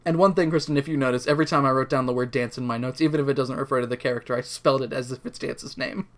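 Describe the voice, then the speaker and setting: A podcast co-host in relaxed recap mode with a mid-pitched voice. They joke, laugh often, and drop into silly voices to mock the characters. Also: racing. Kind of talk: casual recap chat.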